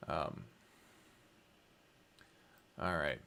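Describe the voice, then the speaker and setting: A man's voice: sits low, lively intonation, slow pace, long pauses, clear, resonant tone. A man streaming a strategy game, rambling casually, talking to himself and swearing often. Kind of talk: casual live-stream chat while gaming.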